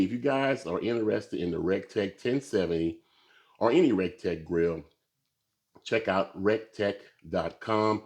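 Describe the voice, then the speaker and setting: A man with a low, mellow voice hosts a laid-back barbecue video outdoors at his grill. He chats to viewers in a relaxed way, dropping plenty of "uh"s as he works. His tone stays dark and unhurried. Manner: relaxed, talks to viewers with many fillers. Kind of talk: casual cooking demonstration.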